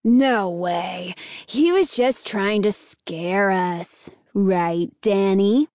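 A woman voicing a mischievous, mocking boy with a high, teasing voice. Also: drawn-out words, a little mellow, no echo, studio quality.

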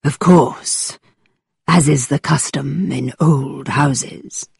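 A woman voicing a playful young gentleman who tells a tale in a low, dramatic voice to tease a listener. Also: steady tone, very slow, gravelly, husky, dry recording, studio quality, heavily acted. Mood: teasing.

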